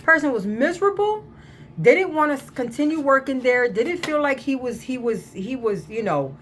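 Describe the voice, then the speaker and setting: A woman's voice: sits high, expressive, moderate pace, a little hiss or hum. Repetitive woman giving a casual tarot reading. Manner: repetitive, emphatic, spiritual and reassuring. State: slightly irritated throat, coughing at times. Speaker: tarot reader.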